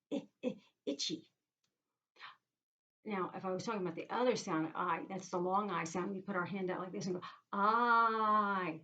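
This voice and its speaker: A woman, a teacher leading young children through a phonics lesson in a sing-song, animated way, sounding out letter sounds. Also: mid-range voice, highs cut off. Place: inside a small tent.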